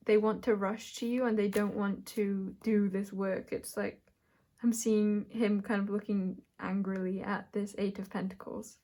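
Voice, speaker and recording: A woman doing a pick-a-pile tarot reading, speaking in a searching way, often correcting herself and thinking aloud with soft laughs. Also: medium pitch, a little hiss or hum. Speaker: tarot reader. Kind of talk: intuitive tarot reading to camera.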